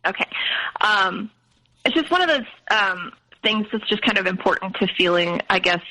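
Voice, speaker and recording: A woman's voice: medium pitch, expressive, moderate pace, sharp tone, low-quality recording. A woman guest telling a personal family story in an interview, hesitant, with many fillers and restarts.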